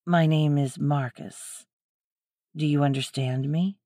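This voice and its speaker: A woman voicing a tall male explorer who speaks gently and soothingly, trying to calm a stranger. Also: on the low side, moderate pace, dry recording, clean studio sound.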